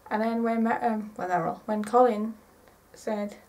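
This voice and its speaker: A woman in her twenties chatting casually to camera in a rambling, excitable way, often correcting herself. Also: fairly high pitch, takes it slowly, distant mic, a little hiss or hum, poor audio. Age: 20s. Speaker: vlogger.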